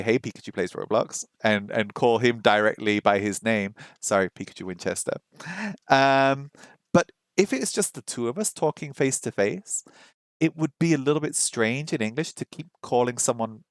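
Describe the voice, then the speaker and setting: A man hosting a language-learning vlog, chatting casually while trying out an app, thinking aloud with frequent ums and slowly sounding out simple phrases as a learner. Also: medium pitch, smooth, no room sound, clean studio sound. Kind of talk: casual screen-share commentary.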